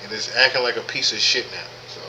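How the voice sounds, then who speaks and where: A man's voice: lowish voice, quick pace, bright, forceful tone, a little hiss or hum, rough recording. A man hosting a live podcast stream, talking casually with lots of profanity, repeating himself and greeting chat viewers by name. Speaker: podcast host.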